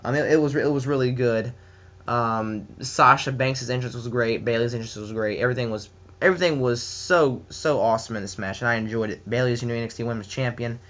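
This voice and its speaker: A man's voice: medium pitch, fairly quick, fairly bright tone, dull audio. A man with a Southern US accent giving a casual, enthusiastic solo wrestling review, rambling with many fillers and restarts.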